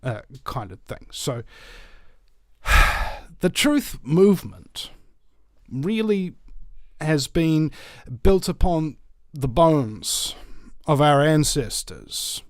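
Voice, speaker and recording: Halting New Zealand radio host, dry sound. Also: male voice, a little high, sing-song, dry recording. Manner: rambling, halting with many uh fillers and restarts. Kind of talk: casual radio monologue.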